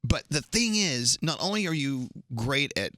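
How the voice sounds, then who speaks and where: A middle-aged man hosting a radio show, asking questions in a halting way with restarts. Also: on the high side, sing-song, pushed and bright, no echo, studio quality. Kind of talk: interviewing a guest. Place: radio studio.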